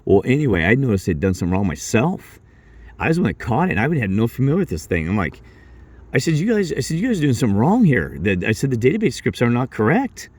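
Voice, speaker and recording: A man telling a rambling work story in casual talk, acting out his coworkers' lines in a higher voice. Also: sing-song, quick pace, a little mellow. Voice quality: low gravelly voice. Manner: rambling, acts out coworkers' lines with raised pitch.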